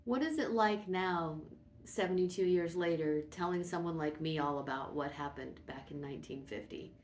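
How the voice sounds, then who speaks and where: A woman's voice: lowish voice, moderate pace. A woman interviewing a guest, asking loosely phrased, casual questions. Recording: roomy with faint background noise.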